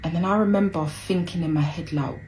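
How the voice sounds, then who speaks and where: A woman's voice: lowish voice, a little fast, mellow, a little hiss or hum, low-quality recording. A young woman telling a personal story, hesitant with lots of ums and acting out what people said.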